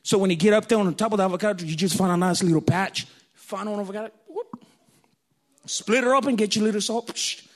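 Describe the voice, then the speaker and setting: A man from Kenya, preaching a sermon through animated, jokey personal stories. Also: sits high, fast talker. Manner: animated, jokey storytelling, laughs often.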